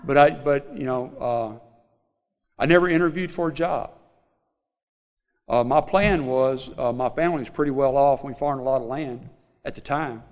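A middle-aged man with a Southern US accent, telling a personal recovery story to a group in a halting, rambling way, full of fillers. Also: medium pitch, a little mellow. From Mississippi Delta, USA. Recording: long hall reverb.

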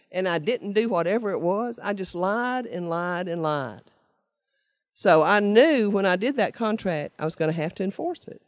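A woman's voice: medium pitch, no room sound, clean studio sound. Older woman telling her story. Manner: earnest storytelling, emphatic repetition. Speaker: speaker sharing her recovery story. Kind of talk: personal testimony talk to a meeting.

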